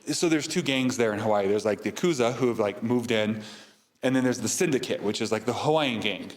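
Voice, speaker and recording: A man's voice: on the low side, a little fast. A man hosting a podcast, casually recapping a movie in a rambling way with many fillers. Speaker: podcast host.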